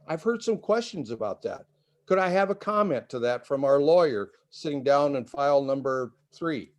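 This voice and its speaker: Older man on a video call, fired up and emotional, stumbles over words, slightly high voice. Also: animated. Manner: indignant, emotional, halting. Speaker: resident giving public comment. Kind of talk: public comment at a meeting.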